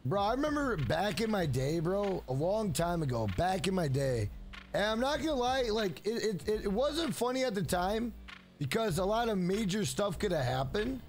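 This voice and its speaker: High, lively-voiced male streamer. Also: moderate pace, soft background music. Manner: rambling, profane, repeats "bro". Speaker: livestreamer. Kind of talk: casual stream chat and storytelling.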